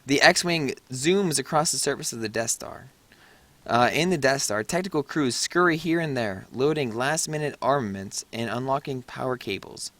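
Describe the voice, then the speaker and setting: A man reading stage directions aloud in an informal read-through. His voice is mid-pitched and unremarkable, and he trips over longer words, breaking off and restarting them. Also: animated, fairly bright tone, no room sound. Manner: reads haltingly, stumbles on words. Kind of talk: casual script read-through.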